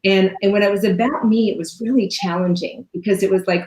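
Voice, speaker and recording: A woman in her fifties, a business strategist giving emphatic coaching advice and listing ideas in quick runs. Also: mid-range voice, darkish tone. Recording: echoey room.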